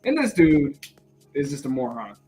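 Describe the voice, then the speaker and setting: A man co-hosting a TV recap podcast, talking in a relaxed, analytical way. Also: mid-range voice, moderate pace, music in the background, rough recording. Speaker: podcast co-host. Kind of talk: casual TV recap chat.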